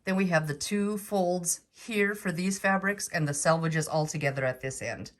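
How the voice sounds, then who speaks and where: A woman's voice: fairly low pitch, moderate pace. A middle-aged woman hosting a casual quilting tutorial, chatty and upbeat as she explains each step.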